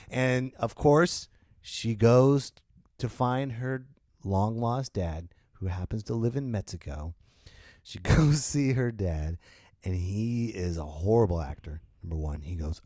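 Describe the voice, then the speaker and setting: A man's voice: fairly low pitch, animated, a little slow, mellow, no echo, studio quality. A man hosting a comedy podcast, ranting about a movie in an exaggerated, profane way. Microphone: podcast mic.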